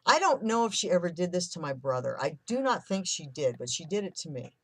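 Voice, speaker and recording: 50-something vlogger telling their own rough childhood story, emotional, swears a bit, mid voice, dry close sound. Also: medium pitch, very animated, brisk, no room sound. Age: 50s. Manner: candid and emotional, swears, acts out remembered quotes. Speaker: vlogger sharing a personal story. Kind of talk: personal storytelling.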